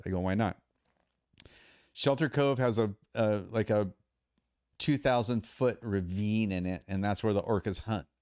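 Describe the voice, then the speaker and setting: A man with a low, smooth, resonant voice tells a story as a podcast guest, acting out what people said. The sound is dry and close, with no room around it. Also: measured pace, long pauses, no room sound. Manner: animated storyteller, acts out quoted dialogue. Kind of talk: casual storytelling.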